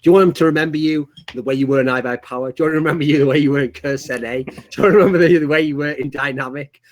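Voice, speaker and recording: A man's voice: on the high side, fairly even intonation, racing, lightly acted. A man voicing a coaxing team leader talking a teammate into returning. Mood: persuasive. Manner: coaxing, persuasive. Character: persuasive male team leader, smooth talker.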